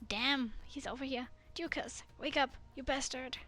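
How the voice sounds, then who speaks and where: Girl reading out a rough street thug yelling orders, bright loud voice. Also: high voice, measured pace, pitched above the performer's own voice, exaggerated voice. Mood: barking. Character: gruff male street thug barking orders.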